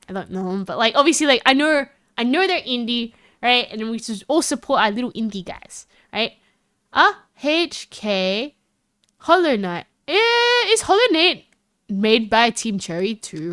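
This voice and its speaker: A woman's voice: sing-song, moderate pace, a bit bright, clean tone, dry recording, clean studio sound. A woman with an Australian accent, rambling and giggling through casual chat with her live stream audience. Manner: rambling and giggly, with big jumps in pitch.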